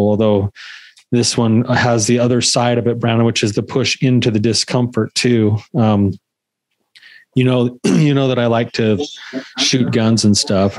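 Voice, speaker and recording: A man in his thirties or forties, a podcast co-host, telling a story in a casual, animated way and acting out the voices of the people in it. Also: fairly low pitch, no room sound. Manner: animated, acts out quoted voices.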